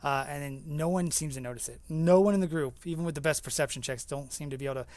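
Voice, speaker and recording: A young man narrating as game master in a tabletop game, halting and full of fillers. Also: a little high, darkish tone, no room sound.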